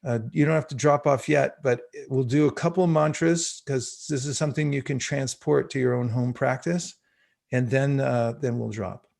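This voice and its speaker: A man teaching an online spiritual class by video call, speaking reflectively and slowly chanting mantras for listeners to repeat. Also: mid-range voice, steady tone, creaky, a little mellow.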